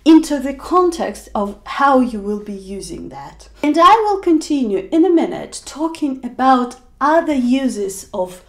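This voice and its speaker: A woman's voice: sits high, sing-song, a little slow, few pauses. A woman English teacher explaining grammar in a video lesson, acting out example sentences with emphasis.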